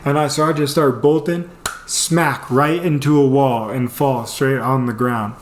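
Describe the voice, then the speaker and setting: A man's voice: mid-range voice, unhurried, slight background noise. Young man telling a story in an echoey room. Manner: animated, laughs often, acts out his own panicked quotes. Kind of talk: casual storytime.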